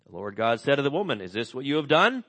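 A middle-aged male pastor preaching a sermon and reading scripture, earnest, slowing and dropping soft on key words. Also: mid-range voice, big pitch swings.

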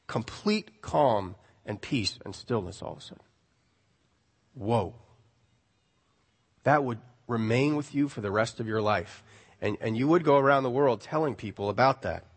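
A man preaching a sermon, animated, swinging between loud emphasis and hushed words. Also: fairly high pitch. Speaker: pastor. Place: church sanctuary. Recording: long reverb of a hall.

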